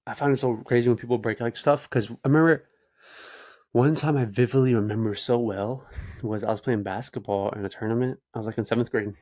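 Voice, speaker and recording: A man's voice: medium pitch, fairly even intonation, a little fast. A young man hosting his own show, telling long, loose stories to the camera in slangy talk full of "like" and "dude". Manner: rambling, slangy, says "dude" and "like" often. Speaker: host. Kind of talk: casual storytelling to camera.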